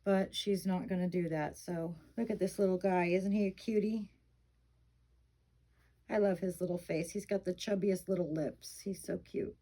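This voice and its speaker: A middle-aged woman talking casually to her viewers in a slightly low voice. She rambles with plenty of fillers, venting her frustration before softening into fond, cooing remarks. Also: fairly even intonation, moderate pace, low-quality recording. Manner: rambling, frustrated venting, fond baby talk about the dolls. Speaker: reborn doll vlogger. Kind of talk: casual chat.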